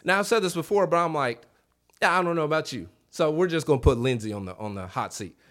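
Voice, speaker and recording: A man preaching a revival sermon in a church, animated, acting out quoted voices and calling on the congregation to answer back. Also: fairly high pitch, fast. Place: church sanctuary.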